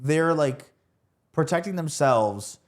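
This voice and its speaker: A man's voice: fairly high pitch, expressive, slow. A young man co-hosting a podcast, chatting casually in a crude, joking way. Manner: crude, joking, riffs into mock impressions. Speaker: podcast co-host.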